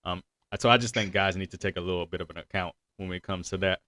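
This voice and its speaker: A man's voice: sits low, steady tone, fast, pushed and bright, no room sound. A man hosting a casual discussion show, talking in a laid-back way with lots of "like" fillers. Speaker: podcast host.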